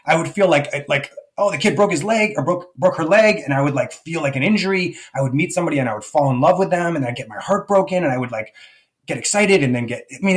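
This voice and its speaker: Fast-talking man telling a personal story. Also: medium pitch. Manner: earnest, frequent fillers like "like". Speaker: guest, life coach. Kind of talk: personal storytelling in a podcast interview.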